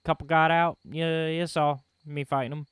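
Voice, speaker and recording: A man voicing a gruff, greedy mercenary dwarf with a Southern US accent and a blunt, folksy drawl. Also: fairly high pitch, flat delivery, moderate pace, fairly bright tone, dry recording, close to an everyday voice.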